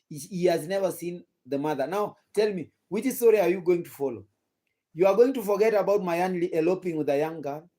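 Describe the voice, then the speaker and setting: A man's voice: fairly high pitch, warm tone. Kenyan man hosting gossip commentary. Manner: rhetorical questions to the audience, repetitive. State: sleepy, yawning. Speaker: gossip channel host. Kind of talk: casual live-stream commentary.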